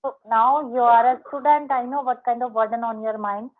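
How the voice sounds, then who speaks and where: A fairly high-voiced woman coaching a learner over an online call, often repeating words as she works through how they should sound. The audio is narrow and tinny, like a phone line. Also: fairly even intonation, brisk. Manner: repeats words while correcting pronunciation. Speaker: host, English speaking coach. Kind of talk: casual practice conversation.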